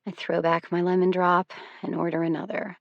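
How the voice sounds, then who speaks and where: A woman reading a first-person novel aloud as an audiobook narrator, in a wry, measured storytelling manner. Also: lowish voice, level tone, vocal fry, no echo, dull audio.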